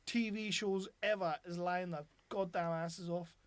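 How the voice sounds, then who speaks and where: A man's voice: sits high, fairly even intonation, measured pace, no echo. A man hosting a podcast, a blunt, sweary talker with strong opinions. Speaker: podcast host. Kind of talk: casual chat.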